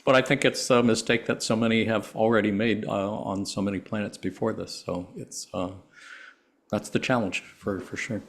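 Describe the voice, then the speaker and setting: A man with a very low, gravelly voice leads a casual podcast discussion. He thinks out loud in a relaxed, reflective way. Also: normal speed. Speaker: podcast host.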